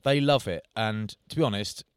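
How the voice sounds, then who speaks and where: A man's voice: fairly low pitch, moderate pace, smooth, no room sound, clean studio sound. A middle-aged man co-hosting a podcast, telling self-mocking stories in casual chat. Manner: jokey storytelling, self-mocking. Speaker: podcast co-host.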